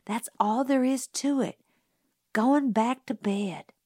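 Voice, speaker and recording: A woman's voice: on the high side, slow pace, dark tone, dry recording, clean studio sound, pitched above the performer's own voice. A woman voicing an anxious young girl in an audiobook, pleading and pressing hard. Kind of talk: audiobook character voice.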